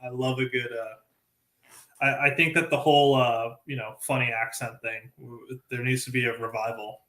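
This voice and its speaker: A man's voice: medium pitch, steady tone, moderate pace, a bit bright. A man from the UK, a guest in a casual interview, chatty and self-deprecating with many fillers. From United Kingdom. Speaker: guest, NFT project creator.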